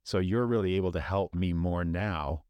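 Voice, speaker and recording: A man's voice: low voice, normal speed, darkish tone, clean tone, no room sound. An older retired man talking candidly in a casual chat, rambling and reflective, with frequent restarts.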